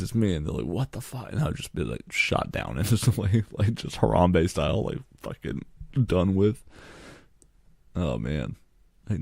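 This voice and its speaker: A man's voice: low voice, creaky, dark tone, no room sound, studio quality. A young man hosting a casual podcast, rambling and joking with lots of swearing. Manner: profane, rambling and jokey. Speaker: podcast host.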